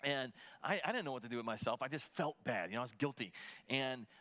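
A man's voice: mid-range voice, animated, quick pace, sharp tone. A middle-aged man, a pastor, giving a conversational sermon with a personal story, talking in restarts and fillers.

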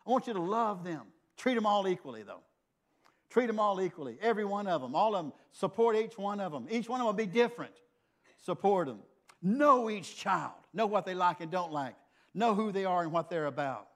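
Older male preacher, slightly high-pitched, conversational and earnest while sharing a story from the pulpit. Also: expressive, brisk. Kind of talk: sermon with personal storytelling.

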